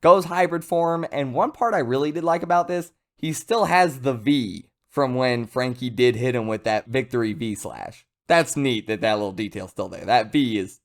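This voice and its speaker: A man giving a casual, rambling video review of a comic chapter, chatty and lively. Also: mid-range voice. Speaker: manga reviewer.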